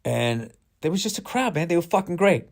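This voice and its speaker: A man's voice: a little high, sing-song, brisk, vocal fry. A middle-aged male comedian telling a rambling, profane, self-mocking story in a podcast monologue.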